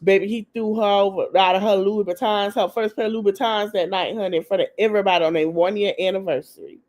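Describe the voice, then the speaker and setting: A woman's voice: medium pitch, steady tone, fast, a little mellow. A woman podcast host gossiping through a casual TV recap. She talks in loose, slangy chat and speaks straight to her listeners as if they were friends. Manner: chatty gossipy storytelling, slangy, addresses listeners as y'all; acts out the people she quotes.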